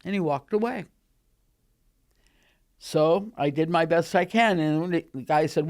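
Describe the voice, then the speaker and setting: Older woman telling animated stories. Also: low voice, moderate pace, gravelly, pauses often. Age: 80s. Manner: animated, acts out quoted voices. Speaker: guest recalling her career. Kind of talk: casual storytelling. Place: recording studio.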